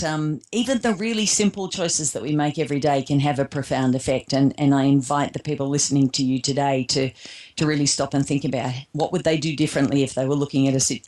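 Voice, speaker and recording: An Australian woman with a low voice speaks as an interview guest. She tells stories in a lively, casual way and slips into the voices of the people she quotes.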